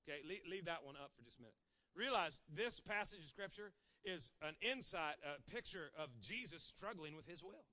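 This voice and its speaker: A man's voice: fairly high pitch, expressive, normal speed, sharp tone. A male pastor preaching a sermon, acting out pleading voices dramatically.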